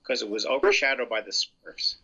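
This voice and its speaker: Male co-host, very bright edgy tone, lo-fi muffled line, keen on trivia. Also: mid-range voice, brisk, slightly rough. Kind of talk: radio interview.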